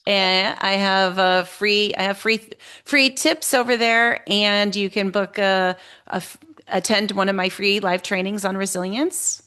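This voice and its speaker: A young woman speaking as a guest on a podcast. Her voice sits at an ordinary middle pitch, and she answers thoughtfully, pausing and restarting her phrases as she goes. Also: fairly even intonation, pushed and bright, clear, resonant tone. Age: young adult. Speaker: guest, resilience coach. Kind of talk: casual interview answers.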